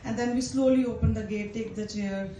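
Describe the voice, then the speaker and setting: Young woman doing off-the-cuff standup, kinda high voice, telling a candid story, faint room hum, mic far off. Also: fairly even intonation, warm tone. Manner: candid, confessional storytelling with quick bursts of quoted self-talk. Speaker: stand-up comedian. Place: indoor comedy venue. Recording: roomy, distant live-room recording.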